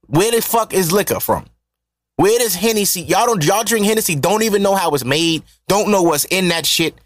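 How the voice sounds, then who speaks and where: A man hosting a podcast, ranting with a lot of swearing and mockery. His voice sits a little high for a man. The sound is dry and close, with no room echo. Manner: animated, profane, mocking ranting. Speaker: podcast host. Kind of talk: solo podcast rant.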